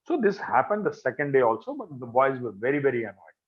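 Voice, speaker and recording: A man's voice: fairly high pitch, fast talker, lo-fi sound. A middle-aged man with an Indian accent, telling a story at a spiritual gathering and acting out the dialogue. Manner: animated, acts out quoted dialogue. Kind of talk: storytelling talk.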